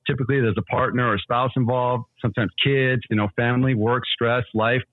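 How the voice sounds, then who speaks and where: A man, a sleep doctor, explaining health risks in a quick, easygoing way, often restarting with "so, so". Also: medium pitch, fairly even intonation, dry recording, phone-quality sound. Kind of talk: explanatory casual talk.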